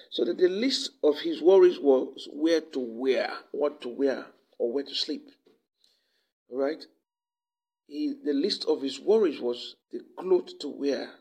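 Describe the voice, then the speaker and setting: A man preaching a devotional sermon in a fairly high, gravelly voice with a husky edge. He presses his points with fervour and stacks up repeated words as he goes. He ends in prayer. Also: a little mellow, low-quality recording.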